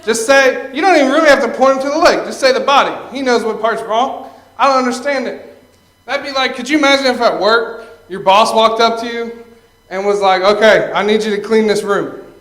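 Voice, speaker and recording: Young man, stand-up comic, high-pitched voice, chatty, chuckles at own jokes, acts out characters, echoey room. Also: brisk, fairly bright tone. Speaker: stand-up comedian. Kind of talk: Christian stand-up comedy.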